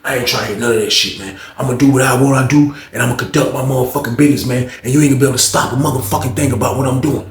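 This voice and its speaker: A man's voice: mid-range voice, fairly even intonation, very fast, few pauses, natural voice. A man voicing a defiant, dismissive older inmate who curses and brushes off every complaint, in an echoey room. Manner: cold, brushing-off, cursing.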